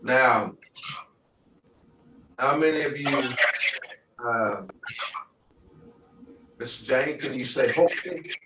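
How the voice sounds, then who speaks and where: Slow-speaking man teaching a language class. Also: medium pitch. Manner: patient, repeats words for students to say back. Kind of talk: online language class instruction. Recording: echoey, distant mic with noise.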